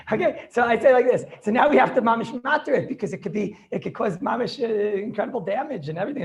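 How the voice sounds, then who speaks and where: A man's voice: high-pitched, muffled recording, slight background noise. A man, a rabbi, teaching an informal class over a video call, joking and talking back to his students.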